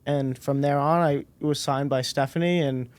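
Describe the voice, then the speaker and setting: A man in his twenties, a podcast guest, telling a personal story in a relaxed way and acting out the dialogue. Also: medium pitch, moderate pace. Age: 20s. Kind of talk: casual storytelling interview.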